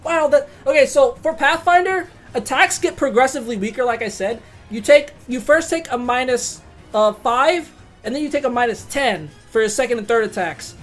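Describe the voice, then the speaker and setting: A high-voiced woman runs a tabletop game and narrates the action with rising excitement. She swears freely and breaks into loud reactions at big rolls. Faint music plays underneath. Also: normal speed. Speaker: game master.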